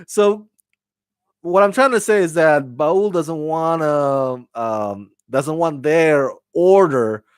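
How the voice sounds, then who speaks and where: A man talks through a TV episode in an unhurried, rambling way, stopping and restarting often and chuckling at his own slips. His voice sits a little high. The recording is dry and close, with no room sound. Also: clean tone, dry recording. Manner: rambling, animated, many restarts and fillers, laughs at himself. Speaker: TV show reviewer. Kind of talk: casual review chat.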